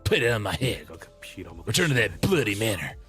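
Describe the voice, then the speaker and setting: A man voicing a brooding, hot-tempered young man using rough British slang. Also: lowish voice, very animated, a little fast, a bit bright, soft background music, pitched below the performer's own voice. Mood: bitter. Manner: brooding, aggressive.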